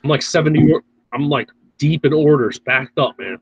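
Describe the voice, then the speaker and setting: A man co-hosting a casual shop-talk podcast, joking and profane, with a husky voice. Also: a little high, over a noisy crowd, rough recording. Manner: joking, profane, drawn-out slow remarks. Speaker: podcast co-host. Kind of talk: casual chat.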